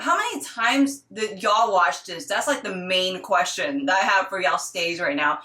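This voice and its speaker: A woman in her thirties, a retired dancer, reviewing a dance video in a casual, excitable way with gasps and rambling asides. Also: medium pitch, reverberant. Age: 30s. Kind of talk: casual reaction commentary.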